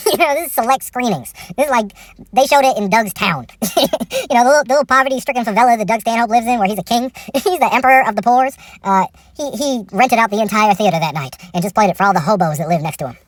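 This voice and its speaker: A woman's voice: fairly high pitch, fast talker, dry recording, clean studio sound. A woman hosting a comedic movie review, rambling and profane, laughing often, and a little tipsy. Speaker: host.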